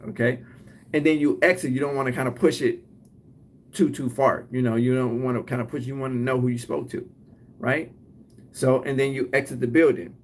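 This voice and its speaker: A man's voice: medium pitch, steady tone, a little fast. Detroit man giving casual business advice. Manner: conversational, often ends points with "right?"; acts out both sides of short scenes. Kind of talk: casual advice talk to viewers.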